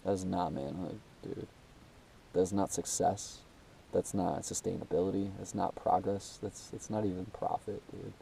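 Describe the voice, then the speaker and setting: This young self-made video host talks to camera in a rambling, emotional monologue, swearing, calling the listener dude, and full of restarts and fillers. His voice is low, steady, a little slow, mellow, with vocal fry. His nose is blocked and he has trouble breathing, and the distant recording carries a little hiss or hum.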